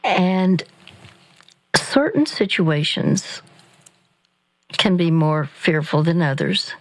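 An older woman giving gentle, measured Christian counsel on a call-in radio show. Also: on the low side, no echo, rough recording. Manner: slow, gentle, measured, with fillers.

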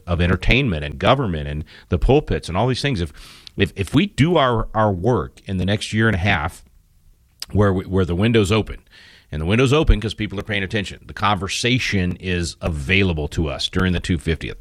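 Deep-voiced radio talk host. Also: male voice, no room sound, clean studio sound. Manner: earnest, preachy, with frequent restarts and fillers.

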